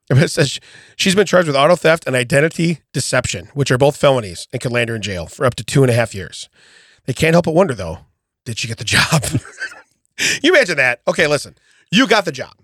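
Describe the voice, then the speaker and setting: Giggly, husky-voiced man hosting a podcast. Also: medium pitch, big pitch swings, a little fast, fairly bright tone, dry recording, clean studio sound. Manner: laughs often, riffs and jokes. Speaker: podcast co-host. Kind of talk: casual comedic chat. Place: podcast studio. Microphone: studio mic.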